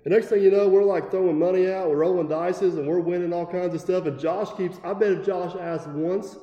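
A man's voice: sits high, fairly even intonation, a little fast, highs cut off. A man co-hosting a casual podcast, telling stories and laughing as he acts out what others said. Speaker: podcast co-host. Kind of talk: casual storytelling chat. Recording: echoey room with long reverb.

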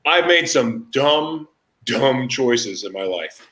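Animated storytelling man, echoey room. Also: medium pitch, slow. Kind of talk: casual chat.

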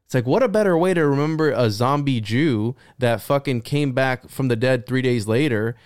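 A man talking casually on a podcast, rambling through stories with plenty of swearing and animated bursts. His voice sits at an ordinary middle pitch, recorded close and dry with no room sound. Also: brisk, hardly any pauses, clear, resonant tone, dry recording. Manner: profane, rambling, animated storytelling. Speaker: podcast guest.

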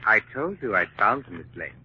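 A man's voice: on the low side, very animated, a little fast. An actor playing a scheming male swindler in a 1940s radio drama, speaking theatrically. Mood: smug. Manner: theatrical, sly then frantic. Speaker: villain. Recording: dull old radio broadcast with hiss.

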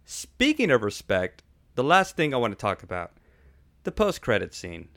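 A man's voice: mid-range voice, huge pitch swings, moderate pace, a bit bright, no echo. Sarcastic man ranting about a movie. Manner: opinionated, sarcastic, laughs often. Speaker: podcast host. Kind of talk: casual movie review chat.

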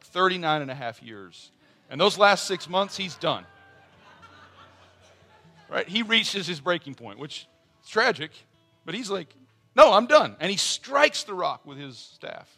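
In a slightly high voice, a middle-aged pastor gives an earnest sermon. His delivery sinks to gentle personal asides before rising again to strong emphasis.

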